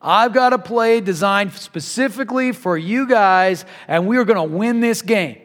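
Man doing an eager basketball coach, pep-talk style, high voice, echoing hall. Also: normal speed, a bit bright. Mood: rallying.

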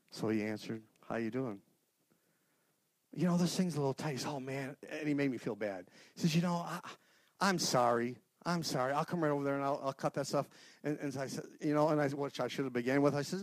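A middle-aged man giving an informal, earnest sermon to a men's group, swinging from loud outbursts to hushed prayer. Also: mid-range voice, brisk, no room sound, studio quality. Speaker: lay speaker at a men's gathering.

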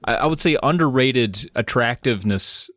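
A man co-hosting a casual podcast, full of jokes and lively retellings of movie scenes. His voice sits at an ordinary middle pitch. The sound is close and dry, with no room echo. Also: moderate pace. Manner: joking, animated retelling of scenes. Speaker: podcast co-host. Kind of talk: casual chat.

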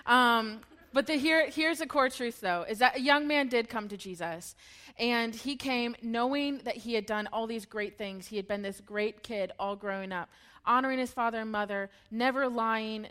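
A woman's voice: a little high, fairly bright tone. A young woman giving a casual, playful sermon, retelling a story in slangy voices and laughing often.

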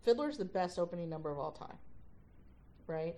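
Animated woman telling classroom stories. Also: fairly low pitch, normal speed. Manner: animated storyteller who acts out dialogue. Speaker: guest, college professor. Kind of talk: casual podcast chat.

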